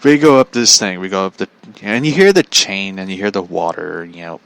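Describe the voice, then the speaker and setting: A man's voice: low-pitched, a little fast, creaky, a bit bright, smooth, dry recording. A man telling a comedic story in a profane, exasperated way, laughing often. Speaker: vlogger.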